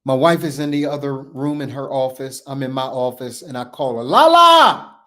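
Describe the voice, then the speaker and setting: A man's voice: mid-range voice, little pitch movement, fairly quick, a little mellow. Guy telling his own story on a podcast, emphatic, repeats himself, acts out the quotes. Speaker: podcast host. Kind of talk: personal storytelling.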